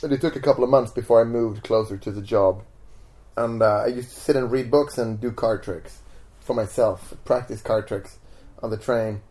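A man's voice: medium pitch, normal speed. A man being interviewed as a magician guest at home, telling stories casually and acting out the voices in them. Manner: animated, acts out voices in his stories.

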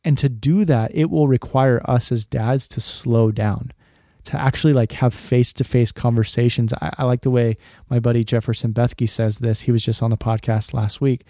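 A man's voice: mid-range voice, fairly even intonation, moderate pace, mellow, no echo, clean studio sound. A man in his thirties hosting a faith podcast, talking earnestly in a conversational way, full of "like" and restarts. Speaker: podcast host. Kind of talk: casual faith podcast talk.

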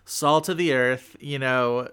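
A man's voice: mid-range voice, takes it slowly, fairly bright tone, clear, resonant tone. A man hosting a film podcast in casual chat, talking loosely with lots of fillers and easy laughs. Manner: chatty, lots of "like", laughs easily. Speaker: podcast host.

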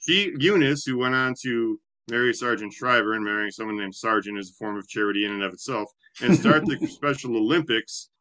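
A man's voice: mid-range voice, lively intonation, a little fast, hardly any pauses, sharp tone, poor audio. A man in a casual panel discussion, making dry, wry asides. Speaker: podcast panelist.

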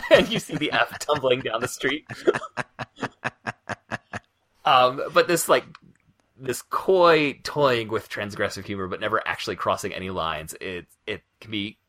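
A man's voice: medium pitch, measured pace, pauses often. A man co-hosting a podcast, eagerly retelling comic scenes and explaining what makes them funny. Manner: lively, retells scenes with relish. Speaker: podcast co-host. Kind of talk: casual chat.

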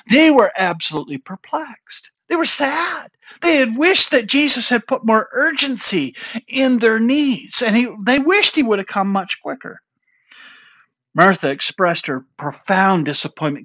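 Woman preaching an animated sermon. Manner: animated storytelling, acting out quoted lines with rising pitch.

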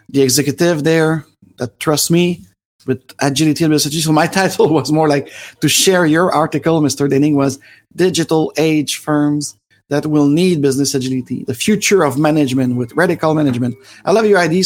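A man's voice: a little high, darkish tone. French-Canadian man hosting a livestream. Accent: Quebec French. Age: 40s. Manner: rambling, many fillers and restarts. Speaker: livestream host. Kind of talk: rambling live-stream talk.

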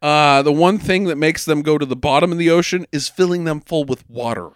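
Guy ranting through a movie recap, smooth clear voice, dry close sound. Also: a little high, fairly quick, no echo. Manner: animated, swearing, acts out characters. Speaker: podcast co-host. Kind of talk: casual movie recap chat.

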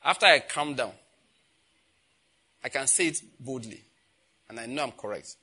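A man in his fifties with a Nigerian accent, a pastor preaching and telling personal stories, growing loud and emphatic when he acts out conversations. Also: mid-range voice, normal speed, breathy edge. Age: 50s. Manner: animated storytelling, grows loud and emphatic when acting out dialogue.

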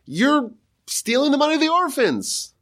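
A man voices a group of friends accusing someone of stealing, using a raised, accusing tone. The exaggerated voice is very high-pitched, above his own natural voice, fairly bright in tone, with wildly swooping pitch at a moderate pace.

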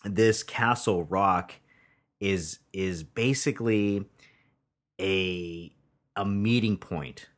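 A man co-hosting a casual podcast, chatty and profane, pausing with many ums as he talks. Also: sits low, fairly bright tone. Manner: laughs often, profane, chatty with hesitations. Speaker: podcast co-host. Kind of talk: casual movie review chat.

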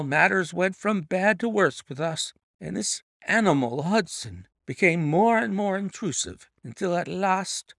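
A man playing an agitated young man, earnest, lively pitch, gravelly, close and dry. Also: dry recording, heavily acted. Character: distressed young man telling his tale.

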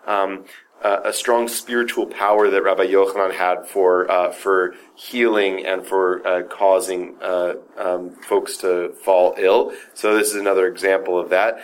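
Deep-voiced and lively, a man relates a Talmud story to an informal class, voicing each quoted speaker himself. He keeps it casual, with many fillers and repeated "right?" checks.

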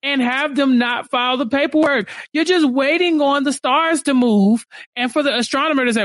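A man with a strikingly high voice, co-hosting a casual reality-show recap and ranting in exasperated outbursts. The sound is dry and close, with no room around it, as on a video call. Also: normal speed, a bit bright, no room sound. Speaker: podcast co-host.

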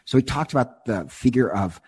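A man in casual conversation, retelling a myth in an animated, digressive way and often repeating words as he goes. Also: medium pitch, a little fast, husky.

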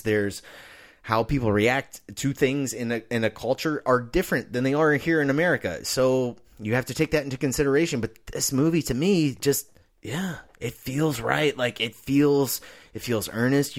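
A man co-hosting a film podcast, blunt and profane as he reviews a movie. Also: medium pitch. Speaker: podcast co-host. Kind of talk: casual film review chat.

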